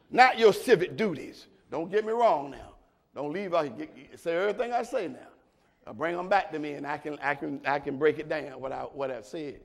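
A man preaching a sermon, calling out to the congregation and building to shouts. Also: on the high side, animated, brisk, gravelly. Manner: call-and-response preaching, rising to shouts. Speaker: pastor.

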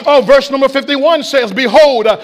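A pastor with an extremely high-pitched voice speaks at normal speed, preaching an impassioned Easter-style sermon in a church sanctuary. He calls out to the congregation in shouting call-and-response fashion.

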